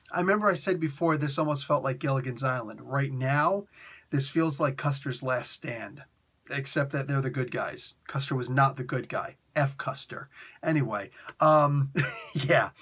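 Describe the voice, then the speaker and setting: A man at an ordinary middle pitch gives a loose, animated comic book review. He keeps catching and correcting himself and laughs at his own jokes. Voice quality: animated, jokey, self-interrupting.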